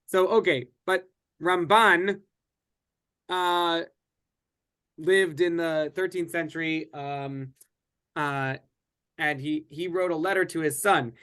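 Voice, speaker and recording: A man's voice: a little high, steady tone, slow, pauses often, pushed and bright, clear, resonant tone. A man teaching a casual Bible study class, speaking conversationally with frequent restarts and fillers.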